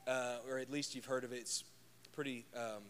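A man's voice: mid-range voice, little pitch movement, normal speed, a little hiss or hum. A man preaching a conversational sermon as pastor, joking and telling stories from home. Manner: chatty and joking, tells personal stories.

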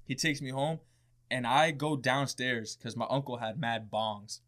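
A young man telling a story in casual podcast chat, with a mid-range pitch. He talks animatedly, swears often and laughs along the way. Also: fairly even intonation, a little slow, fairly bright tone.

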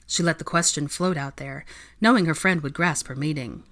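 Low-voiced woman reading a story. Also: fairly quick. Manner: expressive storytelling. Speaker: reader. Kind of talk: fan fiction read aloud.

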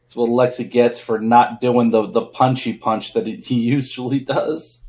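A man running a tabletop game as game master, talking in halting bursts full of fillers. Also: medium pitch, steady tone, a little mellow, husky.

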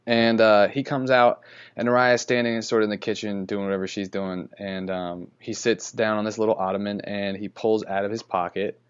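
A man's voice: lowish voice, level tone, moderate pace, clear, resonant tone. Rambling man telling a story, lo-fi. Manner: rambling, self-correcting, chuckles often. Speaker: podcast host. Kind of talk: casual storytelling.

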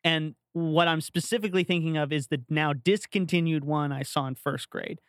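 A man co-hosting a podcast, chatting casually and telling an animated story with playful asides. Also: a little high, normal speed, no room sound, clean studio sound. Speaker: podcast co-host. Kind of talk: casual chat.

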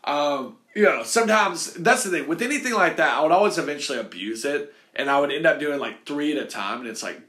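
A man telling a casual, rambling personal anecdote in an animated way, full of "like" and "you know". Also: a little high, brisk, hardly any pauses.

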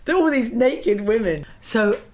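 A woman's voice: on the high side, moderate pace. A woman from London, an actress telling stories in a casual interview and acting out the lines she quotes. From London, England. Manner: animated anecdotal storyteller, acts out quoted lines.

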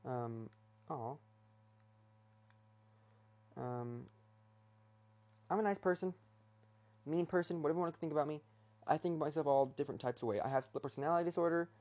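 A man's voice: a little high, a little fast, pauses often, darkish tone. A young man hosting his first solo talk episode, rambling hesitantly from his bedroom with many fillers and restarts. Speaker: podcast host.

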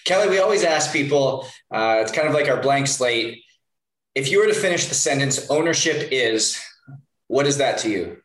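A male host asking questions in a measured way, with hesitant fillers. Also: mid-range voice, animated, a bit bright. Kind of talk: interview questions. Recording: roomy echo.

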